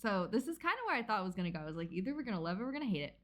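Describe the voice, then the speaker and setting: A young woman co-hosting a book club podcast. She teases her friends and goes off on quick side rants. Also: mid-range voice. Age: young adult. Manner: lively, teasing, quick aside rants. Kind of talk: casual podcast chat.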